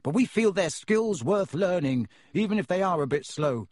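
A man's voice: sits high, lively intonation, normal speed, a little mellow, no echo, studio quality, voice pushed up. A man playing a cheeky teenage twin wizard. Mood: cocky.

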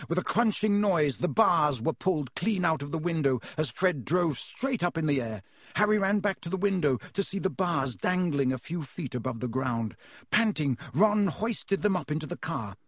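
A man narrating a storybook aloud in a steady, even-paced reading. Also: on the high side, slightly rough, dry recording, clean studio sound. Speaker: audiobook reader.

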